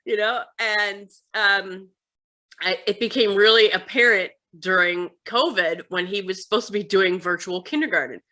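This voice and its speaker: A woman from the United States, a guest in a casual interview, telling stories in an animated way and acting out the voices of others. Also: mid-range voice, normal speed. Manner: animated storytelling, acts out her sons' voices. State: tired.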